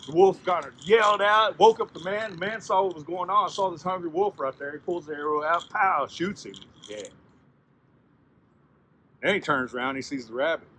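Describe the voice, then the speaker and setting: Animated male storyteller. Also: high-pitched, normal speed, slight background noise. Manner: conversational, animated, asides to listeners. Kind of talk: oral storytelling.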